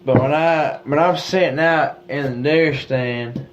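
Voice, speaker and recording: A man's voice: fairly high pitch, steady tone, a little slow. A man riffs on a comedy podcast in a joking, boastful good-ol'-boy manner. He rambles from one tall claim to the next. The recording sounds slightly muffled, with a faint hiss behind it. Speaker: podcast co-host.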